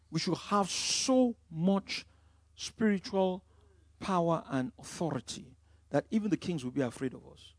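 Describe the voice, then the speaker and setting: Emphatic preacher, lively pitch. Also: male voice, normal speed, no echo. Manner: emphatic preaching with wide swings in loudness. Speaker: pastor. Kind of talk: sermon.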